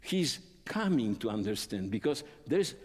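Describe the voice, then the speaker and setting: A man teaching a violin masterclass, singing musical phrases in syllables and explaining tempo and dynamics in halting speech with many fillers. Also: mid-range voice, sing-song, slightly rough. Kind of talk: masterclass instruction. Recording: long hall reverb.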